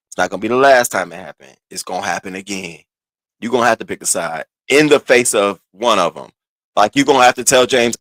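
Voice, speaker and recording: Animated man telling a story casually. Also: medium pitch, no room sound. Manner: animated, restarts and stammers, swings into quoted voices. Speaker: streamer recounting online drama.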